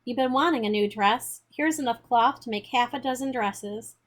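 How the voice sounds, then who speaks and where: A woman voicing a hearty, booming farmer father who talks in bluff, teasing exclamations. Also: normal speed, lightly acted.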